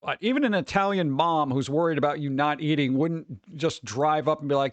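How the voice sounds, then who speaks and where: A man giving casual live-stream commentary with a slightly high voice. He rambles, trips over words and sounds exasperated and sarcastic. The recording is dry and close. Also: brisk, few pauses, dry recording. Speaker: streamer reacting to food videos.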